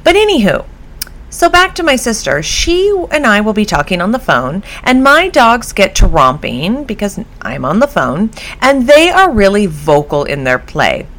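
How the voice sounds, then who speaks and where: Animated woman podcasting about dogs. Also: medium pitch, normal speed. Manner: chatty, animated storytelling with laughs. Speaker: dog behavior podcast host. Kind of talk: casual solo podcast. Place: home.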